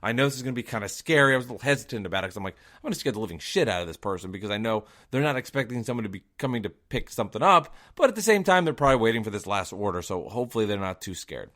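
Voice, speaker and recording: A man hosting his own podcast, telling a story in a casual, worked-up rant full of rhetorical questions, swinging between loud outbursts and quiet asides. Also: fairly low pitch, sing-song, racing, few pauses. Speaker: podcast host and delivery driver.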